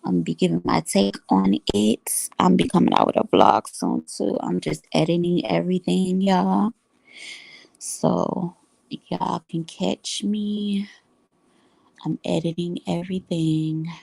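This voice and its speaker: A woman signs off her vlog in an unhurried, rambling way. Her voice sits a little low and is full of gravelly fry. The sound is dry and close, with no room around it. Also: a little mellow, no echo. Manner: slow, rambling, with fillers. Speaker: vlogger. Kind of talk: casual vlog outro.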